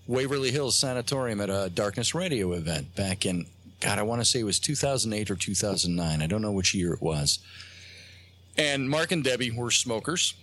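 Male guest, lowish voice, halting anecdotal storyteller, acts out quotes. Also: fairly bright tone. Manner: halting, many fillers and restarts, acts out quotes. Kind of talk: rambling personal storytelling.

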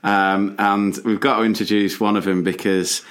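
A man's voice: lowish voice, flat delivery, normal speed, a bit bright. Male co-host from England, laid-back, laughs easily, keeps the chat going with questions. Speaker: podcast co-host. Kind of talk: casual chat.

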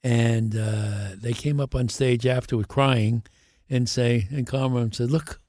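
Older male actor guest, animated raconteur, plays every part in his anecdotes, mid-pitched voice, dry close sound. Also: measured pace, no room sound. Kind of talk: podcast interview storytelling.

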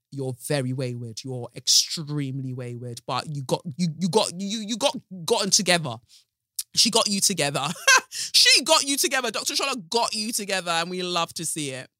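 A woman's voice: deep voice, pushed and bright, no room sound, studio quality. A woman hosting a podcast from her sofa, talking in an emphatic, sassy monologue. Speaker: podcast host. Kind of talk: casual commentary monologue. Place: home sofa.

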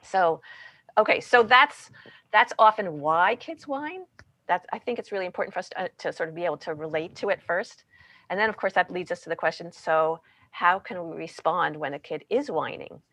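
Lively woman explaining parenting ideas. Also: lowish voice, normal speed, low-quality recording. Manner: animated, peppered with "you know" and "right?". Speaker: parenting book author, podcast guest. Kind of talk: casual explanatory chat.

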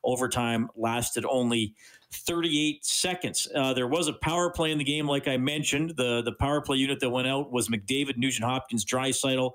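A middle-aged man with an average-pitched voice hosts sports radio. He talks briskly and upbeat, moving from interview to news rundown. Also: a bit bright.

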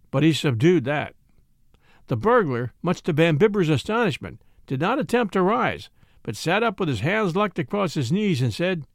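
A man narrating a classic short story in a measured storytelling manner. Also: fairly high pitch, big pitch swings, no room sound, clean studio sound. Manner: measured storytelling with voiced dialogue. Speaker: audiobook narrator.

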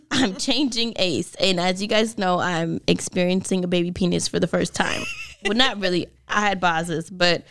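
A woman's voice: lowish voice, unhurried, a bit bright, a little hiss or hum. A woman co-hosting a casual podcast, chatty and laughing often as she tells a story. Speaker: podcast co-host. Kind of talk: casual chat.

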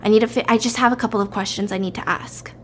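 A woman voicing a gruff, impatient father who gives orders. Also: medium pitch, fairly even intonation, fast, fairly bright tone, a little hiss or hum, natural voice.

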